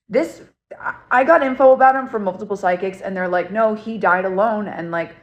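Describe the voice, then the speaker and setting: A young woman telling her own ghost-investigation story to camera in a casual, excited way, filling her talk with "like" and "okay?". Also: medium pitch. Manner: excited, chatty, many fillers and "okay?" checks.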